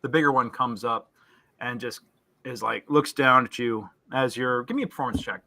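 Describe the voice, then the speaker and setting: A man's voice: medium pitch, normal speed, gravelly, sharp tone. A man narrating as game master, describing scenes in a loose, searching way with fillers and restarts.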